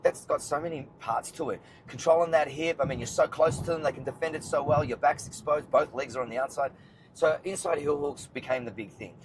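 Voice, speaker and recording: A man with an Australian accent hosting a podcast, talking fast and emphatically in casual chat from inside a car. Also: mid-range voice, slight background noise, low-quality recording. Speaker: podcast host. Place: inside a car while driving.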